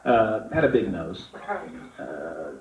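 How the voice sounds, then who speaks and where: A man's voice: deep voice, sing-song, slow pace, gravelly. A man doing live stand-up comedy and magic in a club, teasing the audience as he riffs. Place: comedy club stage before a laughing audience. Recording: lo-fi 1980s live tape, roomy club, loud hiss.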